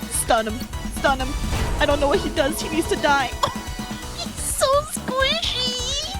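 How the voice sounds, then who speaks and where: A woman streaming a video game, commenting excitedly, laughing and swearing, and reading the game's dialogue aloud. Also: sits high, measured pace. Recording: loud game music behind.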